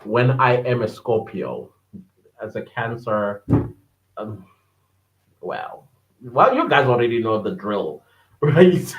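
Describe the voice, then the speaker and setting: A man hosting a livestream podcast, chatting casually, laughing often and greeting viewers by name as he reads their comments aloud. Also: mid-range voice. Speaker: podcast host reading live chat. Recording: echoey room, dull lo-fi sound.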